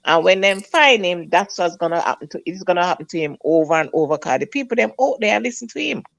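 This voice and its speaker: Earnest Jamaican voice, mid pitch. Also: lively intonation, quick pace, creaky, a bit bright, no room sound. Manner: earnest, cautioning. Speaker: panelist. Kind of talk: casual panel chat.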